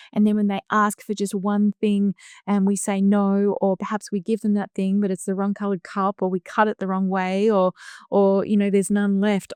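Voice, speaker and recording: A middle-aged woman hosting a solo podcast, talking in a gentle, slow, soothing way with soft hushed asides. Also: medium pitch, clean tone, no room sound, studio quality. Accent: Australian. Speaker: podcast host. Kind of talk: reflective solo podcast talk.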